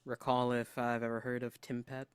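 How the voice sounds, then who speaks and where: A man's voice: medium pitch, monotone, normal speed, clean tone, dry recording. A man playing in a tabletop game, describing his character's memory casually with fillers. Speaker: player.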